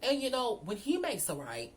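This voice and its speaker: A woman telling a storytime vlog, animated and profane, talking straight to her viewers. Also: a little high, moderate pace, slight background noise. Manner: animated, profane, addresses viewers as girl and y'all. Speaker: storyteller vlogger.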